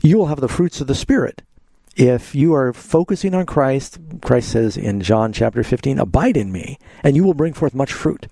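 A man's voice: mid-range voice, animated, moderate pace, gravelly, dark tone, no room sound. A man hosting a live call-in radio show, answering Bible questions and leading callers with simple questions. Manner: pastoral, asks leading questions.

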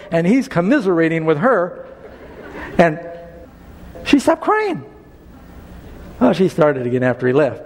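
Storytelling preacher man in a reverberant hall. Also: slight background noise. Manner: storytelling, lively swings of pitch, ends on appeals. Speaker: pastor. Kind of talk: sermon with a personal story.

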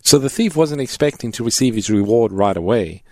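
A man co-hosting a call-in Bible radio program, introducing callers and adding measured comments on scripture. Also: medium pitch, lively intonation, warm tone, no room sound. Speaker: radio co-host. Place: radio studio.

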